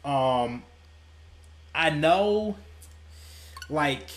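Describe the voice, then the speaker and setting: A man's voice: a little high, lively intonation, drawn-out words. A young man and gaming YouTuber telling stories casually, rambling and laughing at his own tales, with faint music behind him. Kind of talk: casual storytelling while playing.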